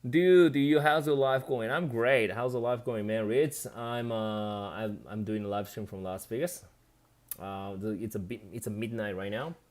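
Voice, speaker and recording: Japanese-accented male streamer, slightly low pitch, chatty and loose, reads out viewer comments and replies. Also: moderate pace. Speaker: live streamer. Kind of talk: casual live stream chat.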